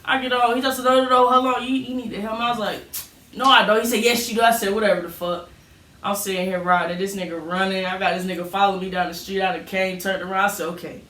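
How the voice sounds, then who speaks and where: Man co-host, high and bright voice, lively storyteller, sits back from the mic in an echoey room. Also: fast talker. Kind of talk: casual chat. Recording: roomy, distant from the mic.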